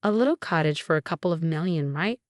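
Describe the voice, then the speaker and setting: Sharp exasperated young husband, read by a woman, low dry voice. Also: expressive, fast talker, dry recording. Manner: sharp, incredulous.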